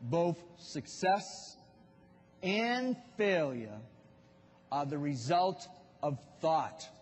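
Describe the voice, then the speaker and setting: A Boston-accented man delivers a motivational business talk, speaking slowly and addressing the crowd directly. His voice sits high and carries a husky edge. The sound rings with the long reverb of a large event hall. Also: big pitch swings. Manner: storytelling, addresses audience directly.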